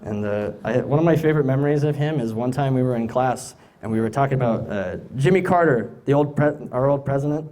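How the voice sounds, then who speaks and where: Lively young male stand-up comic. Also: medium pitch, fairly quick, hardly any pauses. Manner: rambling, hesitant, self-amused. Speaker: stand-up comedian. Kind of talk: live stand-up comedy. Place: live venue stage.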